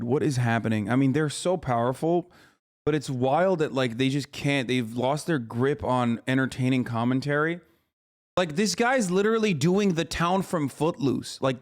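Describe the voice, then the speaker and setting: A man's voice: medium pitch, normal speed. A man in his thirties from the United States, reacting to a clip on a live stream in a loose, incredulous, mocking and profane way. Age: 30s. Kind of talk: casual live-stream commentary.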